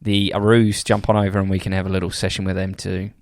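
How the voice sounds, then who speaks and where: A man putting on an Australian accent as a hearty, booming bloke. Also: flat delivery, quick pace, a little mellow, no echo, clean studio sound. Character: loud outback Australian bloke.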